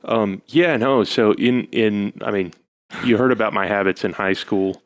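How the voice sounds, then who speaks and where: A man with a fairly low voice talks casually on a podcast, rambling through his stories. He is self-deprecating and leans on fillers as he goes. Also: a little slow. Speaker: podcast co-host, husband. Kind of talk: casual chat.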